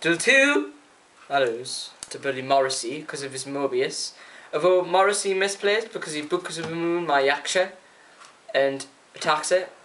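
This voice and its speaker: A chatty young man recaps his weekend in a loose, excitable vlog. His voice is bright, fairly high and forceful. There is a faint hiss of noise under him. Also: moderate pace. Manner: chatty and excitable, many fillers, acts out quotes. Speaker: card game player reviewing a tournament.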